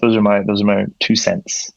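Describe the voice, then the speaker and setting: Gravelly laid-back guy. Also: on the low side, little pitch movement, moderate pace, slight background noise. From Ontario, Canada. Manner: laid-back, rambling, swears freely, lots of "like". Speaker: podcast guest, coffee professional. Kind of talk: casual chat. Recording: dull lo-fi podcast audio.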